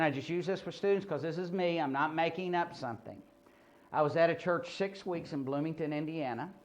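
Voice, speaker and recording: A man training people at a ministry seminar, talking informally with stories, many fillers and restarts. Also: a little high. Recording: muffled lo-fi recording.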